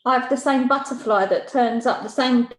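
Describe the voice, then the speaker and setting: A woman's voice: on the high side, normal speed, roomy sound. A woman answering a reading over a video call, giving brief, eager replies. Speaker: caller. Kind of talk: casual chat.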